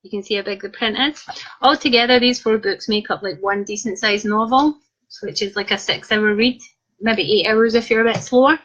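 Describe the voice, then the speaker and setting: A woman's voice: medium pitch, steady tone, brisk, a bit bright. A young woman author chatting in a cheeky, self-mocking way as she reads out viewer comments on a live video. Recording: dull lo-fi live stream audio.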